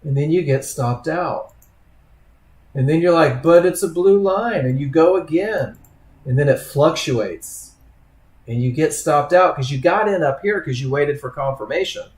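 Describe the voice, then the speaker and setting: Male webinar instructor, slightly high voice, conversational teaching, echoey room sound. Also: a little slow. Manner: conversational, addresses students by name, acts out trader thoughts. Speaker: trading instructor.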